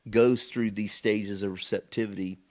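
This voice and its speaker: A man with a fairly low voice co-hosts a relaxed Bible study podcast. He walks through the scripture earnestly and keeps asking whether his partner follows him. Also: moderate pace. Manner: earnest and explanatory, checks in with "you know what I'm saying". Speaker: podcast co-host. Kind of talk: casual Bible study discussion.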